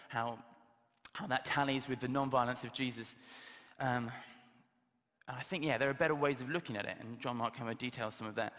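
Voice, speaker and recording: A man's voice: mid-range voice, a bit bright. A man giving a casual, humorous sermon, chatty and self-deprecating, with plenty of filler words. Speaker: preacher. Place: church hall. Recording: long reverb of a church hall.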